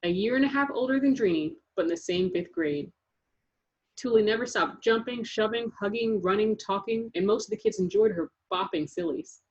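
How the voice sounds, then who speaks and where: Husky woman reading a storybook aloud. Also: medium pitch, normal speed. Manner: lively, rhythmic reading. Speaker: narrator. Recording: dull lo-fi recording.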